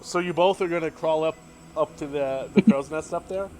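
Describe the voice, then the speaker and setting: A man narrating a tabletop game as dungeon master in a relaxed, descriptive way. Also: a little high, normal speed, a little hiss or hum. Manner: descriptive, relaxed, filler-heavy.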